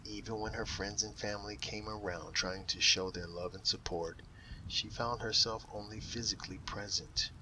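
A man reading an audiobook in slow, measured scripted narration, dropping softly for quoted inner voices. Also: lowish voice, fairly even intonation, a little hiss or hum, low-quality recording.

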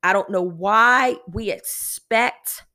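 A woman's voice: mid-range voice, slow, pushed and bright. A woman hosting a devotional podcast, reading Bible verses aloud and reflecting on them earnestly. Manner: earnest, reads scripture aloud then reflects. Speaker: podcast host.

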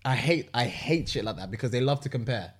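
A man's voice: mid-range voice, a little fast, husky. Laid-back young man chatting. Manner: relaxed, lots of agreeing murmurs, casual swearing. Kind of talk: casual chat.

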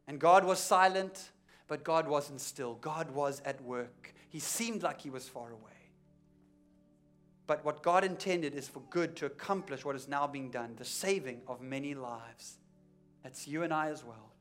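Male pastor, slightly high voice, preaching in church with faint music behind; emphatic peaks, hushed drops, repeats for weight. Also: a little slow. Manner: rises to emphatic peaks, then drops to quiet intensity; repeats key lines for emphasis. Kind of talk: sermon.

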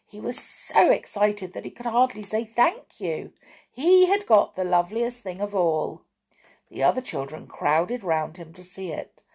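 A woman reading a children's story aloud, gently and expressively. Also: medium pitch, sing-song, unhurried, vocal fry, breathy edge.

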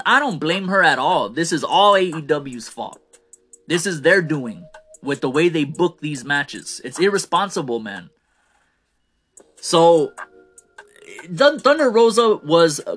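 Male host, bright forceful rant, slightly higher pitch, soft music underneath. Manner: fired-up, ranting, trails off low on "man". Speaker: wrestling commentary host. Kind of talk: casual opinion rant.

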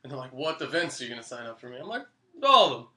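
A man's voice: mid-range voice, very fast, bright, forceful tone, echoey room. A young man telling a funny story in casual chat, laughing often and acting out the people in it. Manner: laughs often, acts out quoted voices. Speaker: podcast guest.

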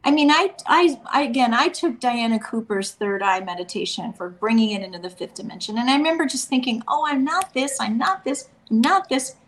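A woman hosts an interview in a somewhat high voice. She thinks aloud about what her guest has said and affirms it. Then she puts a thoughtful question to her guest. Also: animated, a little fast, few pauses, a bit bright. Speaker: host. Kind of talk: conversational interview.

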